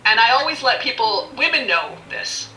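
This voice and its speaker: A woman's voice: fairly high pitch, expressive, normal speed, bright, forceful tone. A middle-aged woman telling her own story bluntly and with animation, swearing freely and laughing often. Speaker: podcast guest. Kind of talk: candid personal storytelling. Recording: echoey room, distant mic, faint music.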